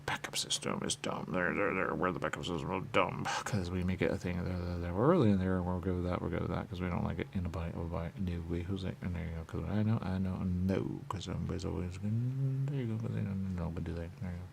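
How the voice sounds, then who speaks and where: A very deep-voiced man with a gravelly, fry-filled voice rambles through a radio monologue. He repeats phrases over and over and jumps to sudden loud bursts. A faint hiss sits under his voice. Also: fairly even intonation, fast talker, hardly any pauses. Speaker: radio host. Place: radio studio.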